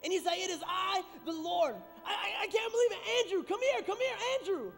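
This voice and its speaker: An actor playing the apostle Peter as an excitable, rambling fisherman who stammers, in a church skit. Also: very high voice, racing, vocal fry, heavily acted. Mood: excited. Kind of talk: stage comedy-drama acting. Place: church stage. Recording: echoey church hall with music.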